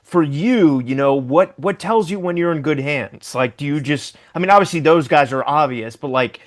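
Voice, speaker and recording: A man's voice: on the high side, moderate pace. A man hosting an interview podcast, chatting in an effusive, enthusiastic way. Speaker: podcast host. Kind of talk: casual interview chat.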